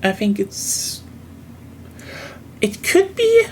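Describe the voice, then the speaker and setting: A young woman streamer with a German accent, talking in a loose, rambling way full of ums and restarts. Her voice sits at an ordinary middle pitch, with a faint hum of ambience behind her. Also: very animated, extremely slow, darkish tone. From southern Germany. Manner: rambling, many fillers and restarts. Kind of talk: casual chat while gaming.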